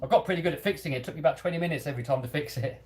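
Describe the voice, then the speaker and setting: The voice is on the high side, very fast, with a darkish tone. It belongs to an English man with a light London-area, slightly Cockney accent who hosts a hobby channel live stream, casually and self-deprecatingly replying to viewer comments.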